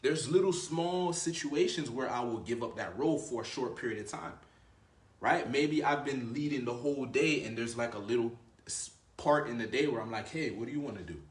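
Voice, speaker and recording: A man's voice: mid-range voice, normal speed, echoey room. A man giving blunt, profane dating advice in a casual monologue, with a swaggering manner and lots of filler words. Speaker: dating coach.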